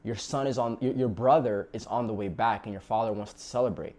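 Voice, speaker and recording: A man voicing an excited male servant who announces news urgently. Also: lowish voice, fairly quick, natural voice.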